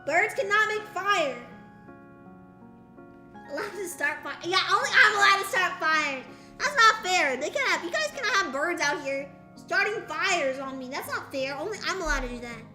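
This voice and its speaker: Excitable young woman streamer, high and bright, roomy echo. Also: moderate pace, over music. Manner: excitable, exaggerated disbelief. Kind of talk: casual live-stream chat.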